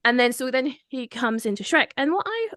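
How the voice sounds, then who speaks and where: A woman's voice: high voice, lively intonation, fairly quick, a bit bright, no echo, studio quality. A woman with a Scottish accent hosting a casual film podcast, talking in a chatty way, laughing easily and often restarting her sentences. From Scotland. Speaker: podcast host.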